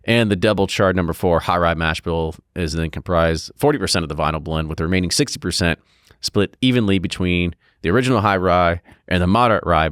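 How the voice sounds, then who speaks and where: Deep-voiced man reading bourbon news. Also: a bit bright, clean tone, no echo, clean studio sound. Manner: chatty, jokey, reads items then riffs. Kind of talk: casual news roundup chat.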